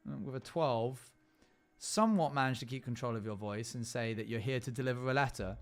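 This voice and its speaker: A man's voice: medium pitch, faint music behind. A man narrating a role-play game as a streamer, with frequent halts and fillers. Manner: halting, filler-heavy narration.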